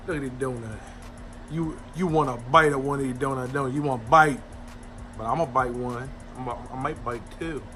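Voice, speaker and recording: A man hosting a casual cooking vlog, folksy and enthusiastic, talking straight to his viewers. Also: medium pitch. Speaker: cooking channel host.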